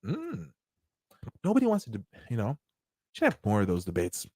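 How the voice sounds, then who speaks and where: A man hosting a commentary channel, talking casually in an animated, profane way and often laughing. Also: mid-range voice, moderate pace, husky, no echo.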